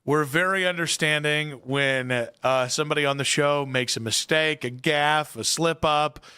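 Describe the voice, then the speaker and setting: A man's voice: a little high, unhurried, clean tone. A man hosting a sports radio show, bantering playfully and telling stories with animation. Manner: playful teasing, animated storytelling.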